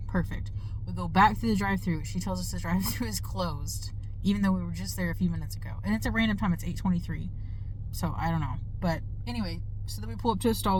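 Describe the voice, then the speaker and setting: A woman's voice: fairly low pitch, a little mellow, no echo, rough recording. A woman who drives for delivery apps, telling a frustrated, rambling story of her shift to the camera, with many fillers. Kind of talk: casual vlog talk to camera. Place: in a car.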